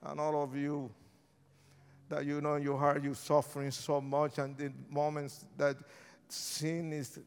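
A man preaching an impassioned sermon and altar call in a large church, swinging from shouts to hushed pleas. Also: a little high, monotone, unhurried, slight background noise. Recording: long reverb of a large hall.

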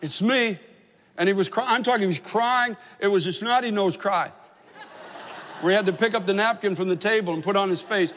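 A man's voice: high voice, fairly quick, fairly bright tone, some chatter behind, slight background noise. A man preaching a sermon as pastor, telling a story in an earnest, emphatic way. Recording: long hall reverb.

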